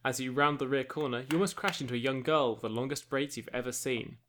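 A man's voice: medium pitch, fast talker, fairly bright tone, slight background noise. Man reading a gamebook aloud. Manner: reads steadily, aside comments with laughter. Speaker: game master reading a choose-your-own-adventure book aloud. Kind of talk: casual narration of a gamebook with friends.

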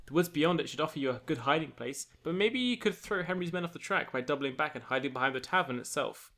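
A man with a slightly high, bright, forceful voice talks fast and expressively while narrating a choose-your-own-adventure book as game master for his friends. The narration is casual and steady, punctuated by asides and laughter.

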